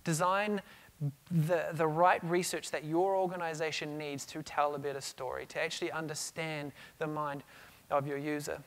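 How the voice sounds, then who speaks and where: A middle-aged man delivers a keynote to a conference crowd. His voice sits slightly high for a man, and he tells stories with energy, often doubling back on his words. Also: normal speed. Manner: energetic storytelling with frequent restarts. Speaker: conference speaker. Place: conference stage.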